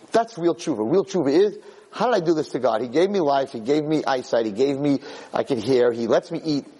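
Male Jewish lecturer, dramatic storyteller, fairly high and husky voice. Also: darkish tone, poor audio. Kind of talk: storytelling sermon.

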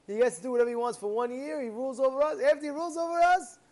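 Excited fawning townsfolk, high voice, played by a man. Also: very fast. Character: eager crowd of townsfolk serving a king.

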